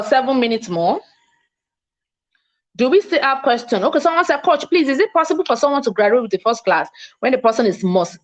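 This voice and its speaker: A woman from Nigeria with a Nigerian English accent, giving a fast, emphatic, self-assured online mentoring talk as a coach. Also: on the high side, low-quality recording. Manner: speaks fast, by her own account.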